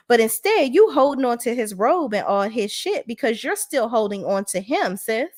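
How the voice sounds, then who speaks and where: Animated, profane woman video reviewer. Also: fairly quick, few pauses. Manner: blunt, profane and sassy; animated, swings between high exclamations and low asides. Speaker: reality TV reviewer. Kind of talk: casual video commentary.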